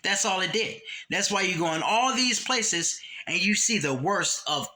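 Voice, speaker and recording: A man giving a blunt, profane, preachy monologue, quoting scripture and swinging between raised emphasis and low, dropped-voice warnings. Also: expressive, normal speed, pushed and bright. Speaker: religious commentator.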